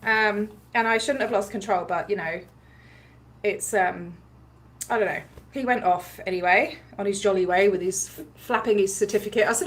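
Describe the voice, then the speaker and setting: A woman with an Australian accent, telling a story in a casual livestream recap, chatty and animated, with many fillers and frequent laughs. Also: medium pitch, normal speed. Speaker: activist livestream host.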